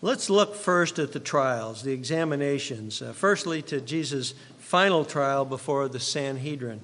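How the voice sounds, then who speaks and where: A pastor's sermon voice, a man reading scripture with measured, dramatic emphasis. His mid-pitched voice carries through a church sanctuary with long reverb. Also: expressive, a bit bright. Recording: long reverb of a large hall.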